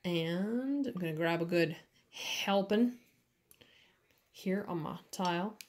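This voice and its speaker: A woman doing nails in her home studio, talking through each step in a casual, chatty way with lots of fillers. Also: on the low side. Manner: slow, chatty, with many fillers. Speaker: nail artist. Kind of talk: casual tutorial chat.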